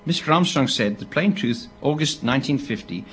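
Animated older preacher. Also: male voice, mid-range voice, moderate pace, soft background music. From Britain. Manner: animated storytelling with asides to listeners. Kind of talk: sermon to a live audience.

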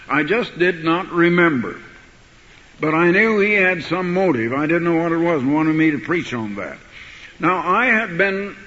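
Older-sounding preacher in a reverberant hall. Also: male voice, fairly high pitch. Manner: rising to forceful emphasis when quoting scripture. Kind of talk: sermon. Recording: dull archival recording in a hall.

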